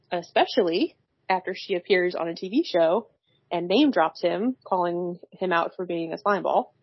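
A fairly low-voiced woman co-hosting a podcast recaps a film plot in casual chat, wry and slangy, laughing often. The recording is dry and a little dull, with no room sound or echo.

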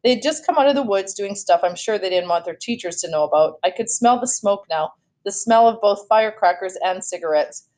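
Lady reading a kids' book out loud, steady pace, fixes little slips as she goes. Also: medium pitch, fairly quick. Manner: steady storytelling with small self-corrections. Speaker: read-aloud host. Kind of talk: reading a novel aloud.

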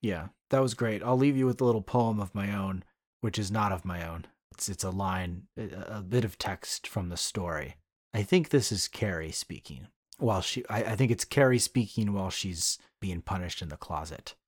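Relaxed man co-hosting a podcast, dry sound. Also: on the low side, normal speed, dry recording. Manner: relaxed, hesitant, with frequent restarts. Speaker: podcast co-host. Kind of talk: casual podcast chat.

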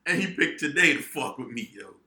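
A young man co-hosting a podcast, telling a profane, animated story among friends. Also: medium pitch, a little fast. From New England, United States. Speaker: podcast co-host. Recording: echoey room.

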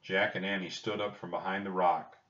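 A man reads a children's storybook aloud in a steady, plain way. His voice is very low. The recording is roomy, distant and dull. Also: moderate pace. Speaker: narrator.

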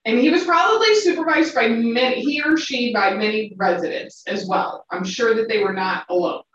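A woman's voice: on the high side, moderate pace, a bit bright. A woman, a psychic medium guest, telling her story animatedly in a casual interview, with many fillers. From Austin, Texas area. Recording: distant, dull, echoey sound.

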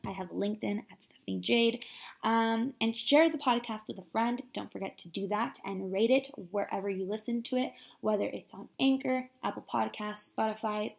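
A woman's voice: medium pitch, vocal fry. A young woman in her twenties hosting a podcast, chatting in an upbeat, casual way and using "like" a lot. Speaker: podcast host.

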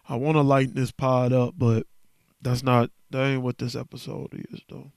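A man alone at a podcast mic, speaking in a loose, candid, slang-heavy way and sounding worn down. His voice comes across smooth and clean. The sound is close and dry, with no room around it. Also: mid-range voice, steady tone, moderate pace, darkish tone, no echo. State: emotional, worn down. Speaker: podcast host. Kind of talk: casual solo podcast monologue.

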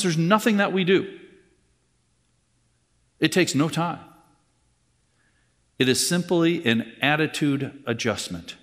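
A pastor giving a conversational sermon with wry asides, repeating key lines for emphasis. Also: male voice, fairly high pitch, a bit bright. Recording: long reverb from the hall.

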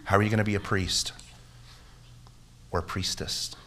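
Deep-voiced pastor preaching earnestly. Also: male voice, level tone, normal speed, fairly bright tone, slight background noise. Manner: earnest, repetitive emphatic phrasing; prays with rising intensity. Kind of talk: sermon with closing prayer.

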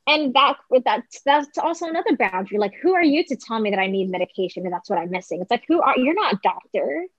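A young woman telling a personal story in casual conversation, talking fast and filling her speech with "like". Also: fairly high pitch, expressive, no room sound. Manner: chatty, heavy use of "like", quick quoted asides. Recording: slightly dull close dry recording.

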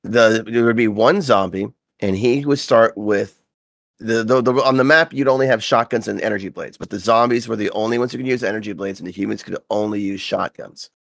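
Low gravelly dude rambling through old gaming stories, swears a lot, dry close mic. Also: male voice, a little fast, dry recording. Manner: rambling storyteller, profane, animated when quoting. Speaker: podcast co-host. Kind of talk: casual gaming chat.

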